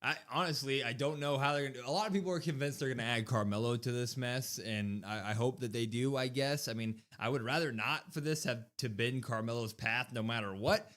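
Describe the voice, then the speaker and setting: A man co-hosting a wrestling podcast, giving opinionated, animated takes in casual chat. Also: medium pitch, brisk, hardly any pauses. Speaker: podcast co-host.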